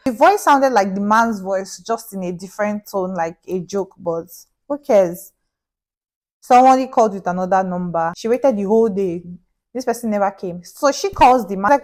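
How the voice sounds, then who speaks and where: A woman's voice: mid-range voice, moderate pace, a little mellow. Young woman vlogger, mid-range voice, chatty storyteller who drops into pidgin. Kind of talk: casual storytelling vlog.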